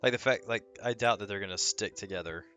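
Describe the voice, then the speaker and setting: A young man playing a tabletop game, hesitant and quick to laugh in casual chat. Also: fairly low pitch, bright, forceful tone, dry recording, faint music behind. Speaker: player.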